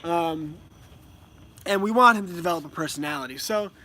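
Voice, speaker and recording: A man's voice: on the high side, fairly quick, sharp tone. A man speaking as a homeschooling parent in a casual monologue, rambling with many ums and restarts at home.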